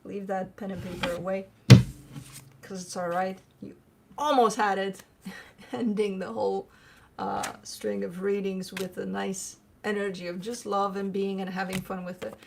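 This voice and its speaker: A woman's voice: medium pitch, fairly even intonation, unhurried, creaky, a little hiss or hum. A woman hosting a tarot channel, chatting casually at home, swearing freely and cooing at her dog. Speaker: tarot reader and channel host. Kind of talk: casual chat to camera.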